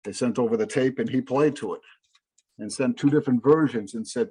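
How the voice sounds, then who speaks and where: A man's voice: medium pitch, animated, a little fast, dark tone, a little hiss or hum. A middle-aged man co-hosting a casual podcast, rambling and correcting himself as he talks enthusiastically about albums. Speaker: podcast co-host. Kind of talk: casual chat about music.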